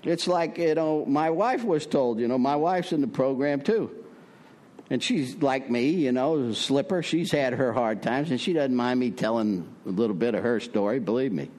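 A man's voice: medium pitch, normal speed, a little mellow. An older man sharing his story at a recovery meeting, talking in a folksy way with many fillers, his voice rising when he preaches. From Prescott, Arizona. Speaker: recovery speaker.

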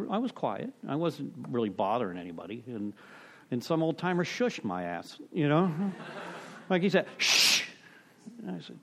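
Middle-aged guy sharing at a meeting, rambly, lots of you know, bit of swearing, medium-pitched voice. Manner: rambling, full of "you know" and restarts, salty language. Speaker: recovery meeting speaker. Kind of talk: casual storytelling share.

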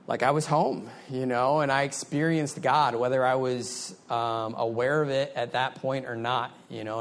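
A middle-aged man telling a personal story in a candid, conversational way, with many fillers. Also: medium pitch. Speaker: speaker sharing recovery story.

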